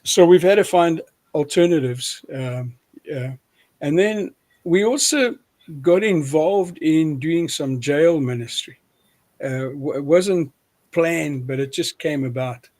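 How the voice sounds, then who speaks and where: A man's voice: on the high side, lively intonation, takes it slowly, darkish tone. A man with a South African accent, a preacher chatting casually as an interview guest, self-deprecating and often restarting his sentences.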